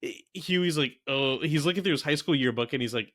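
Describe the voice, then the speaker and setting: A man's voice: mid-range voice, a little fast, a bit bright. A young adult man co-hosting a podcast, casually and incredulously retelling scenes from a bad movie. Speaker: podcast co-host. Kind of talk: casual movie review chat.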